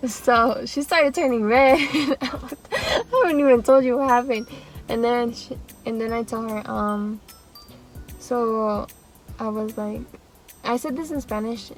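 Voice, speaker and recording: A young woman tells a storytime in a rambling, animated way, acting out what everyone said. Her voice sits a little high, with soft music under it. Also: a little slow, poor audio. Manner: rambling and animated, with laughs and acted-out quotes. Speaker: vlogger. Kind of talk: casual storytime.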